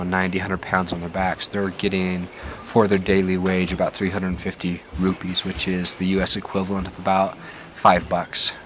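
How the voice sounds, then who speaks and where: A man's voice: low-pitched, fairly bright tone, slight background noise. A man on a mountain trek, talking plainly and thoughtfully in a travel vlog, outdoors. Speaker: trekker.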